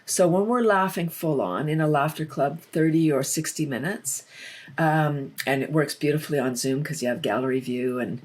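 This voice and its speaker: A woman's voice: low-pitched, normal speed, a little mellow. A woman guest in a casual interview, talking about laughter yoga with lots of laughs and acted-out quotes. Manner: enthusiastic, laughs often, acts out quotes.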